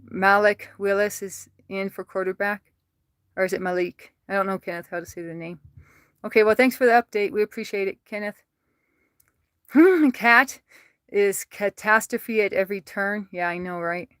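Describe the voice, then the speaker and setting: A woman's voice: mid-range voice, moderate pace, a bit bright, clear, resonant tone, dry recording. An American woman livestreaming from home, chatting casually, reading viewer comments aloud and laughing often as she talks to her cats. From United States.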